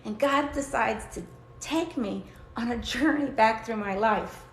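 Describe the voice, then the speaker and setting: A woman hosting a livestream, telling a faith-based personal story with high energy and acting out the dialogue. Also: measured pace, a little hiss or hum. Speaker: livestream host. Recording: roomy, echoey room.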